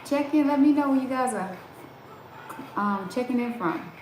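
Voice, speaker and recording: A woman's voice: sits high, moderate pace, a little mellow, reverberant, a little hiss or hum. A woman with a Southern American accent, hosting a casual live stream and chatting with viewers, greeting them by name and laughing often. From Southern United States.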